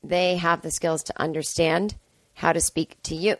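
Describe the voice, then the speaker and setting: A woman hosting a podcast from a home, chatting casually and digressing, with a hoarse, strained voice and cooing baby talk. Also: deep voice, steady tone, normal speed, no room sound. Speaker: podcast host. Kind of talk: casual rambling chat with ad read. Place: sister's home, indoors.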